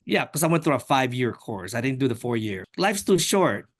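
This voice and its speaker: An older man from the Philippines, an artist talking candidly in an interview, frank and opinionated, with a pace that speeds up and slows down. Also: medium pitch, very animated. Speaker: artist, podcast guest.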